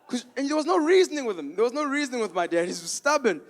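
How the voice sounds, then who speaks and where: A man doing stand-up comedy with a fairly high voice, animated and punchy, jumping between storytelling and loud acted-out bits. His delivery rises in volume whenever he hits a punchline. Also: fast talker.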